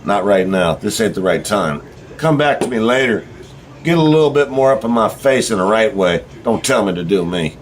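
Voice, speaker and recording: A man's voice: lowish voice, animated, moderate pace. Give me a middle-aged man with a drawl, ranting bluntly and swearing freely. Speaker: vlogger. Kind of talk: profane ranting monologue.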